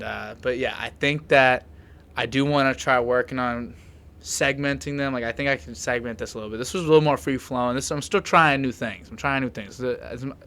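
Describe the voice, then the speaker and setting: A man's voice: medium pitch, pushed and bright. A young man hosting a podcast in casual chat, rambling with lots of "like" fillers. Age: young adult. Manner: rambling, filler-heavy with frequent "like". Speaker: podcast host.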